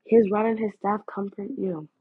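A woman's voice: mid-range voice, fairly even intonation, normal speed, breathy edge. A woman hosting a podcast, giving an earnest devotional talk in a casual, preachy way full of fillers. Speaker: podcast host. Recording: phone-like, lo-fi audio.

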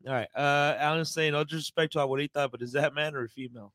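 A man co-hosting a podcast, reading viewer comments and cracking jokes in a loose, laid-back way. His voice is bright and a little raised in pitch, picked up close and dry. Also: steady tone, no room sound. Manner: laid-back, joking, quick to laugh. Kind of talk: casual podcast chat.

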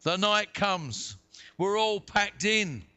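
A man's voice: high voice, animated, slow pace, bright, forceful tone. A man from the United Kingdom preaching a sermon as pastor, reading scripture dramatically and voicing the people in the story. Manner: dramatic, acts out voices in the reading. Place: church hall.

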